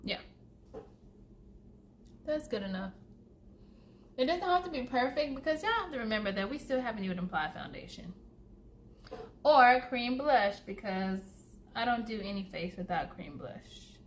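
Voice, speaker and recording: A woman's voice: fairly high pitch, expressive, moderate pace, pauses often, slight background noise. A woman, chatting casually to viewers through a makeup routine and calling them y'all. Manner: chatty, addresses viewers as y'all, laughs often. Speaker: beauty vlogger. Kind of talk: casual get-ready-with-me chat.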